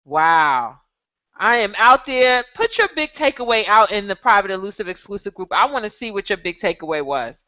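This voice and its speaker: A woman hosting a live online show, exclaiming with excitement and reading viewer comments aloud. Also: medium pitch, normal speed. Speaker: show host. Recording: dull lo-fi sound.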